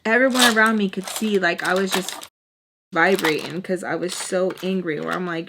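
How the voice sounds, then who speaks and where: A young woman telling a personal storytime vlog in a casual, animated way, acting out the voices of the people she quotes. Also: lowish voice, normal speed, noisy background. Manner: animated, acts out quoted voices, says y'all. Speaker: storytime vlogger.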